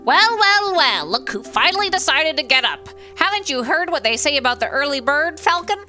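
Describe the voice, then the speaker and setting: Girl reading a sassy little sparrow sidekick, bright and bouncy. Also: high voice, very animated, normal speed, faint music behind, pitched above the performer's own voice, heavily acted. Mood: teasing. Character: fussy young male sparrow assistant.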